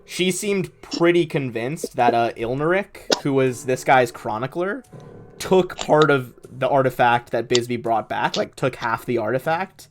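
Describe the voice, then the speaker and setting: Young male GM, mid-pitched, chatty, loose and rambling. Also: expressive, unhurried, noisy background. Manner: rambling, filler-heavy, laughs often. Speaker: game master. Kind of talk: running a tabletop game.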